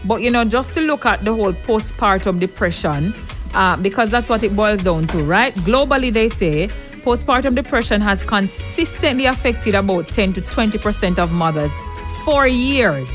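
A woman's voice: medium pitch, lively intonation, moderate pace, soft background music. Earnest woman co-host chatting. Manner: earnest, reasoning, laughs easily. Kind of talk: casual chat.

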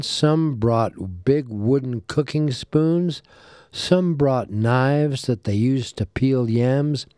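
A man telling a folk tale in storybook narration, animated and voicing the characters. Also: medium pitch, no room sound, clean studio sound. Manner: animated, voices the characters, asides to a listener.

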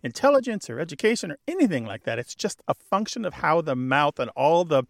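A man's voice: on the high side, very animated, a little fast, no echo, clean studio sound. A man co-hosting a radio call-in show, explaining things in a good-humored, scholarly way. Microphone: studio microphone.

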